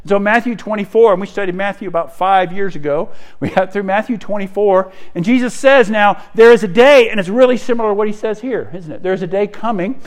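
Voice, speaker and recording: Middle-aged male preacher, slightly high voice, lively sermon that acts out the scripture. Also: quick pace, few pauses. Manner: animated, acts out biblical quotes in voices, repeats words when thinking.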